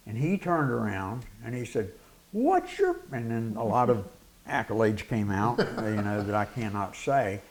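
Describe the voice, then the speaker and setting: A man's voice: fairly low pitch, moderate pace. A middle-aged man, a preacher and former wrestler telling a story as a guest in an interview, acting out the quotes. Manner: animated anecdote with acted-out quotes and laughter.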